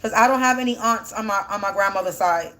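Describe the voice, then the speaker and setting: A woman's voice: medium pitch, fast, bright, forceful tone. A woman giving a casual spiritual reading, thinking aloud in a rambling way as she asks and answers her own questions, her voice sounding teary as if near crying. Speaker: spiritual energy reader.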